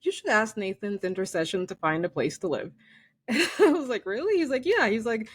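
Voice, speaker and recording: A woman's voice: on the high side, lively intonation, brisk, slightly rough. A woman interviewing a guest, sharing her own story in a chatty way and laughing between phrases. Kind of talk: casual conversation.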